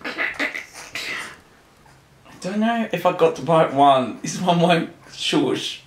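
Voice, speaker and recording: A man chatting to his new puppy at home at night in soft, doting baby talk, often shushing it. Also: on the high side, animated, slow, pauses often. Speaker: vlogger. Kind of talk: casual chat with a new puppy. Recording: roomy echo, faint room noise.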